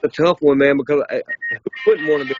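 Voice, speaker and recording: A man's voice: on the high side, fairly even intonation, fast, husky, soft background music. A man, a wrestler guest, talking candidly and emotionally in a casual interview. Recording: muffled lo-fi recording.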